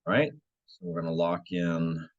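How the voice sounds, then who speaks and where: A man's voice: sits low, very animated, unhurried, creaky, lo-fi sound. A man who works as a real estate agent, walking listeners through cold-calling habits in a coaching tone and checking in with frequent "right?" asides. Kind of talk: instructional walkthrough.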